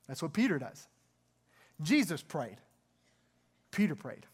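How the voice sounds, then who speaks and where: Male pastor, sermon, earnest, emphatic, slightly high-pitched. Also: very animated, normal speed, long pauses, husky.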